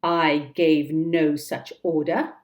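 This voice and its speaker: Storybook pirate captain, blustering and furious, loud and slow, put on by a woman narrator. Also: sits low, level tone.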